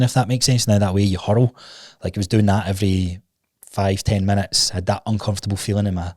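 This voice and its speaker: Candid low-voiced man telling a story. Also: darkish tone, no room sound, studio quality. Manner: candid, rambling, restarts often, swears casually. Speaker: podcast host. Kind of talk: solo podcast storytelling. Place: recording studio.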